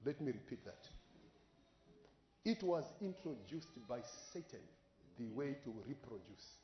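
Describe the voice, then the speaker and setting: A man preaching a sermon as an impassioned storyteller whose voice rises sharply on exclamations, paused for live interpretation. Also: mid-range voice, big pitch swings. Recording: echoey, dull lo-fi recording.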